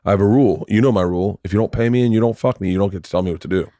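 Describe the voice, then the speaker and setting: Animated storytelling man, dry close mic. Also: fairly low pitch, very fast, no echo. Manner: animated, acts out voices in anecdotes, swears freely. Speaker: podcast guest, comedian. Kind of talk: casual storytelling chat.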